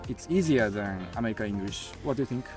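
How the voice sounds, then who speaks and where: A man's voice: fairly low pitch, lively intonation, fast talker, a little mellow, soft background music. A man, a channel host asking short, simple interview questions in English. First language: Japanese. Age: 30s. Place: outdoors in a park.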